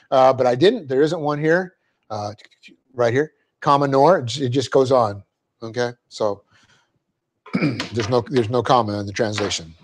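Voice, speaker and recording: Slow, dictating male Bible teacher. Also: a little high. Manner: dictates punctuation slowly, joking asides. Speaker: pastor teaching a Bible class. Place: church classroom.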